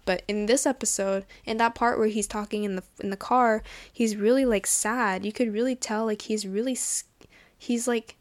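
In a dry recording, a young podcast host with a medium-pitched voice talks casually on her show. She gets emotional and gushy, rambling and restarting her sentences again and again.

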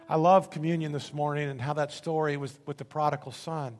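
Male preacher, sermon storytelling, emphatic and animated, fairly high voice, long hall reverb. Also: brisk, hardly any pauses, faint music behind. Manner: animated, emphatic, repeats words.

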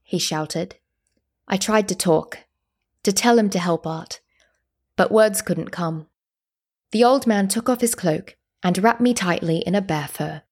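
A woman reading a story in the first person, with a calm, steady reading manner. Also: fairly low pitch. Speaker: narrator.

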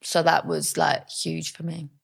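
Young woman, low gravelly voice, chatty and frank, lots of likes and you knows. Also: flat delivery, measured pace. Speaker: podcast guest, mother. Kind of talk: candid interview storytelling.

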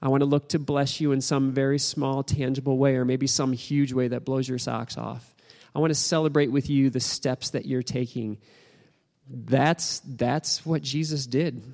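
A man's voice: mid-range voice, steady tone, normal speed, darkish tone, in a large hall. A man preaching a sermon as pastor, earnest and encouraging, repeating his phrases.

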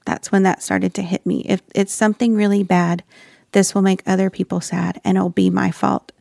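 A woman's voice: medium pitch, level tone, normal speed, gravelly, dry recording, clean studio sound. A woman sharing an earnest, reflective personal faith story as a wife and mother. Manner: earnest, reflective, with soft laughs.

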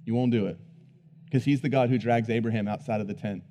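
A man preaching a sermon who swings between hushed, low emphasis and loud, emphatic bursts, repeating words as he builds each point. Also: fairly even intonation, fast, slight background noise.

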